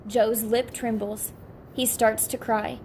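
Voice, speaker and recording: A woman reads a novel aloud with steady, clear storytelling. Her voice sits slightly high. A faint hiss of noise runs underneath. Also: takes it slowly. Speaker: audiobook narrator. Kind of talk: audiobook reading.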